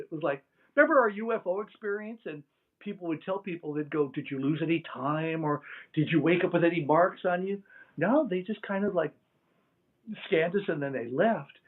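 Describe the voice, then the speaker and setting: An older man with a slightly higher voice recounts his stories with lively energy, breaking into laughter and making sound effects. The audio is thin and phone-like, as though it comes through a narrow call line. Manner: animated, laughs and imitates sounds. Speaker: interview guest. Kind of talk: casual storytelling.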